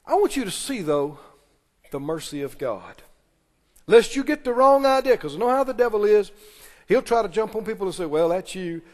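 A man preaching a sermon as pastor, retelling scripture with animated, dramatic delivery. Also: sits high, moderate pace, long reverb tail.

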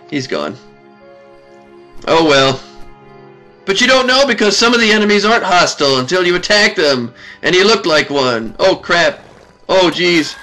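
Male gamer, 30s, high bright voice, animated pitch, faint game music behind. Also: normal speed. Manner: excitable, talks to the game, frequent laughs and exclamations. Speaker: gaming video host. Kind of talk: let's play commentary.

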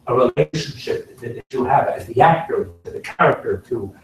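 A middle-aged man, an actor giving a casual lecture to a class, talking in an animated way and swinging between loud and soft to make his points. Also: mid-range voice, brisk. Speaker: guest actor speaking to a class. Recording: very echoey room, from far off.

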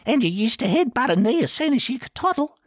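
A high, squeaky, apologetic young simpleton, voiced by a man for an audiobook, half-Australian in sound, fawning and sing-song. The pitch leaps far above the narrator's own voice and swoops around wildly. The recording is dry and close. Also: very animated, fast, no room sound, heavily acted. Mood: cheerful.

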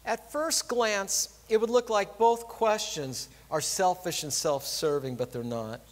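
A middle-aged pastor preaching a conversational, earnest sermon in a church. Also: male voice, sits high, unhurried, big-room sound. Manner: earnest, conversational, drops soft when pleading.

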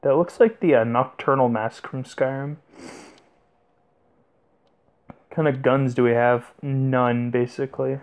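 A man's voice: mid-range voice, steady tone, moderate pace, a little mellow. A young man casually commentating a mobile game, swearing a lot and laughing in disbelief. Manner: profane, giggly, incredulous. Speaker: gameplay commentator. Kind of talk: casual let's-play commentary.

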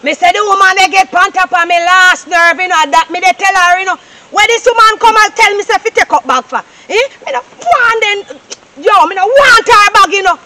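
A woman's voice: very high voice, brisk, sharp tone, slight background noise. A woman playing a sulky, whiny Jamaican girl. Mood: grumbling. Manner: whiny complaining rant in patois. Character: lazy, sulky young woman ranting.

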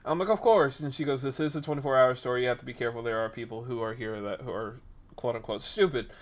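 A young man hosting a casual stream podcast tells a story in an animated way, acting out the people in it. His voice is mid-range and his pace quick.

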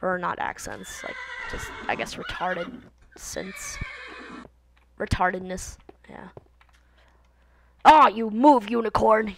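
A teenage girl talks over her game in a loose, silly ramble, hopping from one thought to the next. Her voice sits at an ordinary middle pitch for a woman. Game sounds run clearly underneath her on a plain computer mic. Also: expressive, takes it slowly, pauses often, noisy background. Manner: rambling, silly, jumps between topics. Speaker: gaming video host. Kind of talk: casual let's-play commentary. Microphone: computer mic, voice set low. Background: game sounds from the video game.

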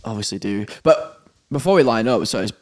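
A man's voice: on the low side, expressive, a little fast, darkish tone. Laid-back man telling a rambling story. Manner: rambling storytelling with many restarts. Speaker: podcast co-host, pilot. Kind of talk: casual chat. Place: indoors at a venue.

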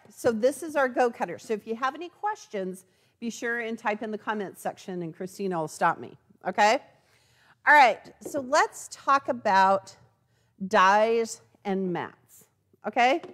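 A woman giving a chatty live product demonstration in a sewing store, often checking in with "okay?". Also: mid-range voice. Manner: chatty, animated, tags lines with "okay?".

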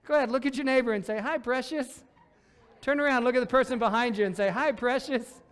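High-voiced man preaching a lively sermon. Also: rapid-fire, smooth. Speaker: pastor. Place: church sanctuary.

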